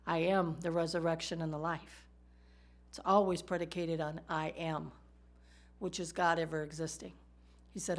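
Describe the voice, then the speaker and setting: Woman preaching with a low voice. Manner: conversational preaching with rhetorical questions to the audience. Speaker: Bible teacher. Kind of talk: sermon.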